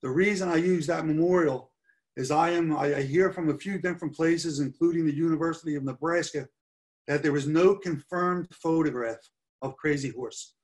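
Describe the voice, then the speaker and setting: A man's voice: a little high, normal speed. Earnest man giving a history slide talk. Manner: earnest, stresses key points with repetition. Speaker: history presenter. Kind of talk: slide presentation lecture.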